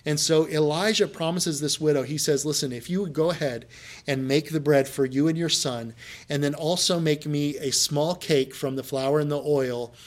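A man's voice: fairly high pitch, moderate pace. A male pastor delivering a sermon, retelling scripture stories conversationally and building to emphatic preaching.

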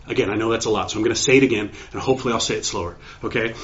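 A man preaching a sermon in an excitable way, often restarting and repeating words as he works through a passage. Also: on the low side, racing, few pauses. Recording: dull lo-fi recording.

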